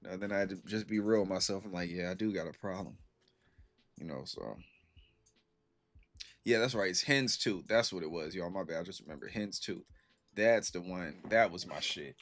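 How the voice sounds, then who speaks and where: A man's voice: low-pitched, normal speed, pauses often, fairly bright tone. A young man, streaming from his computer and casually chatting with viewers in slangy, laid-back stories. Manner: laid-back slangy storytelling, reacting to chat.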